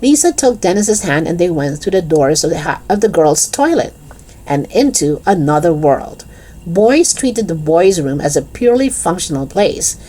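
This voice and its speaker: A woman reading a children's chapter book aloud in an expressive, lively storytelling manner. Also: lowish voice, normal speed.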